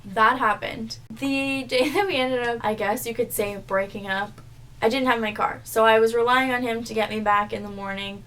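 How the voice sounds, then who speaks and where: A woman's voice: on the high side, steady tone, moderate pace, fairly bright tone. A woman in her twenties telling a storytime vlog in a blunt, profane, exasperated way. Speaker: vlogger. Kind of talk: casual storytime.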